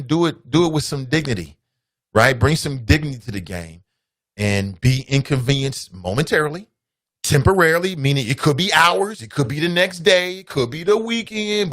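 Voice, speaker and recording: A man's voice: on the high side, fairly bright tone, no room sound, studio quality. A man with a Cincinnati accent hosting a call-in radio show, lecturing listeners as family. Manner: preachy, addresses listeners as family. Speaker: radio talk show host. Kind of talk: call-in talk radio monologue.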